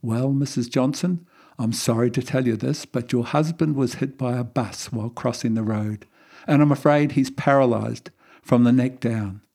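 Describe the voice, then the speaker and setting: Somber doctor, a guy doing him, slow and serious, gravelly. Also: medium pitch, dark tone. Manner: measured, grave delivery. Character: somber solemn male doctor.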